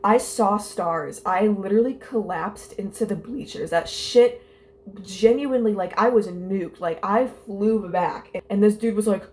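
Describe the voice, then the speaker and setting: A woman's voice: mid-range voice, measured pace, a little mellow, a little hiss or hum. A young woman telling stories and reading her old journal aloud in a casual vlog. She is candid and self-mocking, and her talk rambles with lots of "like" fillers. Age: young adult. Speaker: vlogger.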